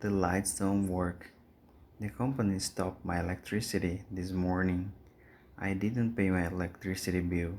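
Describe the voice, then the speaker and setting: Man doing a chill polite castle guy, super low voice. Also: measured pace, a little hiss or hum. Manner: polite, calm.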